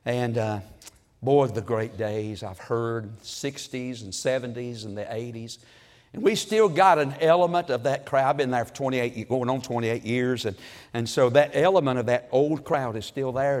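A man preaching a sermon in a folksy storytelling way, building to loud, emphatic peaks. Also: medium pitch, normal speed, long reverb tail.

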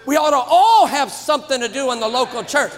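A man delivers a sermon with fervour, punching his points and rising often into shouts. His voice sits very high for a man, and a long hall reverb trails every phrase, as in a large church. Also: expressive, brisk. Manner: emphatic, swings to shouts. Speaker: preacher.

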